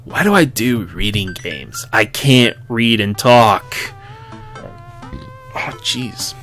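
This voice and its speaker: A man's voice: fairly low pitch, animated, slow pace, fairly bright tone, faint music behind. A man chatting wryly while reading through a dating game, with frequent asides. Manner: chatty, wry asides, laughs often. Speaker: gaming YouTuber. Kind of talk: let's-play commentary and reading.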